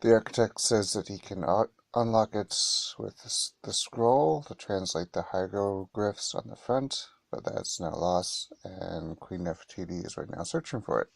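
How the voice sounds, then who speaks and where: A man hosting a mobile gaming channel, giving relaxed gameplay commentary and reading game text aloud with hesitant restarts. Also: deep voice, normal speed, vocal fry, few pauses, no room sound.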